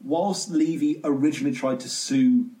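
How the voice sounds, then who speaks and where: A man's voice: on the high side, fairly even intonation, dark tone. Wry man on a music podcast. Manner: wry, joking asides, quick bursts. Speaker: podcast co-host. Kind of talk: casual music podcast chat.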